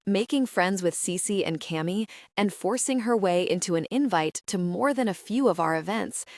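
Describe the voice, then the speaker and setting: A woman with a lowish voice narrates a first-person romance audiobook, wry and self-deprecating. The studio-quality recording has no room sound.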